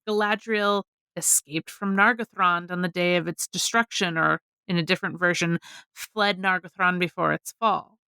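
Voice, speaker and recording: Podcast co-host, woman; gravelly, crisp and bright; scholarly delivery, dry close mic. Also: lowish voice, steady tone, dry recording. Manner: scholarly and measured, slow deliberate emphasis. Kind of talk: reading prepared notes, podcast discussion.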